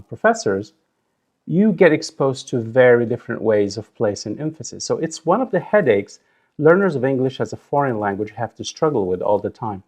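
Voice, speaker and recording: A man teaching a recorded language lesson, sounding out syllables slowly and deliberately. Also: medium pitch. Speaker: Arabic teacher.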